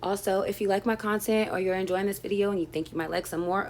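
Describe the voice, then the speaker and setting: A woman's voice: mid-range voice, steady tone, quick pace, few pauses, darkish tone, slight background noise. Chatty, sassy woman commentary host. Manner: chatty, sassy, heavy with fillers. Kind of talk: casual gossip commentary.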